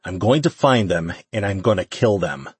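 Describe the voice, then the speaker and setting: A grim, protective man who snarls out his threats of revenge, voiced by the narrator. The voice is very deep and husky, recorded close and dry. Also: expressive, normal speed, dry recording, full character voice. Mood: vengeful.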